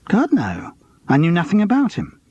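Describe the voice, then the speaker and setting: Guy doing a cheeky young escort in an audiobook, breezy and gossipy, a bit higher voice. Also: wildly swooping pitch, moderate pace, a little mellow, slightly rough, no echo, highs cut off, heavily acted. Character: young male escort and out-of-work actor, cheeky.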